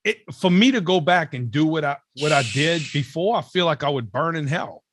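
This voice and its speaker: A man's voice: a little high, expressive, fairly quick, a bit bright, slight background noise. A man co-hosting a podcast, talking in an argumentative, emphatic way with some swearing. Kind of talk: casual podcast chat.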